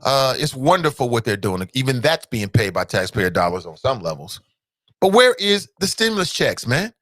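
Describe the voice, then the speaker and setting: A male talk show host from Cincinnati, delivering animated solo commentary full of repeated rhetorical questions and sudden high exclamations. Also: normal speed, no echo, studio quality. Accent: Cincinnati, Ohio.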